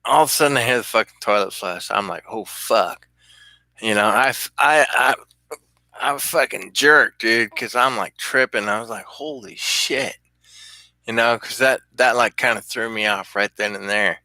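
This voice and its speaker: A man's voice: medium pitch, normal speed, bright, forceful tone, dry recording. A man casually telling a personal story, rambling and swearing with frequent chuckles. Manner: rambling, profane, chuckling often.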